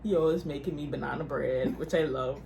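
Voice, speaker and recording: Woman, Bahamian accent, young adult, chatty, giggly, slightly low voice. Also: fairly even intonation, fairly quick, gravelly, a little mellow, slight background noise. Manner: giggly, chatty, laughs often. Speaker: YouTube couple co-host. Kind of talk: casual couples Q&A chat.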